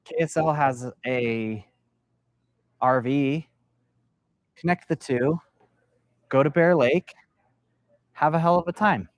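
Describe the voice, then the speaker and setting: A middle-aged sales mentor addresses an audience of business founders in a meeting room during a live workshop, telling a story and quizzing them. He speaks slowly on the high side, with long pauses, and the recording is dry.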